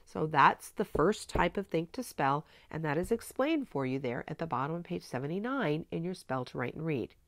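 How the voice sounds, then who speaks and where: A woman training teachers in a spelling method, explaining clearly and deliberately in a coaching tone. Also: deep voice, expressive, no echo. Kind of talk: instructional teaching demonstration.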